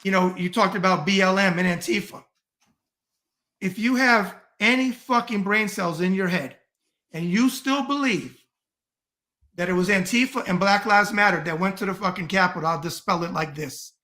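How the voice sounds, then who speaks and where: A man's voice: high voice, normal speed, bright, forceful tone. A middle-aged man from the United States, a podcast guest talking politics in a blunt, profane, emphatic rant. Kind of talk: heated political talk.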